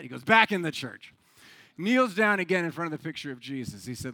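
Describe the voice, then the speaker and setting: High-voiced, bright male pastor preaching. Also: fast talker. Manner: lively storyteller, builds to loud excitement in anecdotes; conversational with stumbles and repeats. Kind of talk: sermon.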